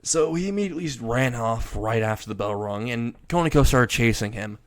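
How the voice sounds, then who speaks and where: A man's voice: medium pitch, expressive, fairly quick, dry recording. Crude, rambling young storyteller man. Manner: rambling, crude, laughs at own jokes. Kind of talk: casual improvised fan story narration.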